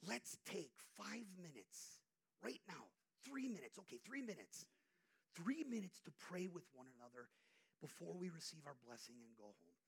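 A man's voice: on the high side, big pitch swings, normal speed, creaky, slightly rough, poor audio. A man preaching an informal sermon, conversational, asking the congregation questions and acting out quotes. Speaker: pastor.

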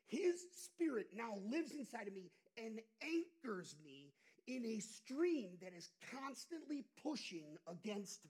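A male pastor preaching an impassioned sermon, dropping to hushed asides and rising to loud outbursts. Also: very high-pitched, breathy edge.

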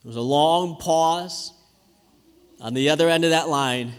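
A man, a pastor preaching a sermon with lively, conversational storytelling. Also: on the high side, a little slow, long pauses, clean tone. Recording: reverberant hall.

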